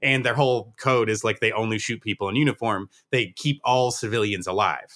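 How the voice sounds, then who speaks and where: A man co-hosting a casual podcast, talking movies in a relaxed, reflective way and comparing one film to another. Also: lowish voice, a little fast. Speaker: podcast co-host.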